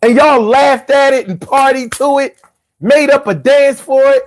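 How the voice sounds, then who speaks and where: Talking directly to his viewers, a male commentator delivers an angry, profane political rant. He has a very high-pitched voice and keeps a measured pace.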